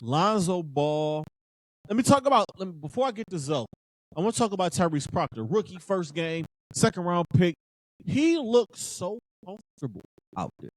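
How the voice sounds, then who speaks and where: A man's voice: high voice, very animated, moderate pace, dry recording. A man in his thirties hosting a sports podcast in casual talk, fired up and emphatic, repeating phrases for effect.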